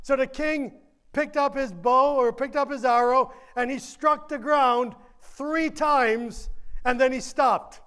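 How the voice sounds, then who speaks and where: A man preaching a sermon as pastor, earnest and driving, with repeated questions and drawn-out lines. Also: very high-pitched, steady tone, a bit bright, smooth.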